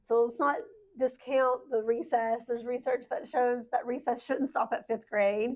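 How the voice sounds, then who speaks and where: A woman's voice: on the high side, steady tone, a little slow, a little mellow. A woman co-presenter speaking earnestly and emphatically at a conference session. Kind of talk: presentation talk.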